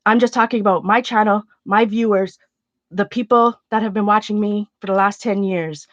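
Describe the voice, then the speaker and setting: A woman hosting an art channel, talking casually to her viewers in a halting, emotional way, close to tears. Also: mid-range voice, fairly even intonation, no echo, dull audio. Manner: emotional, halting, many restarts. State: near tears. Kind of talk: casual livestream chat to viewers.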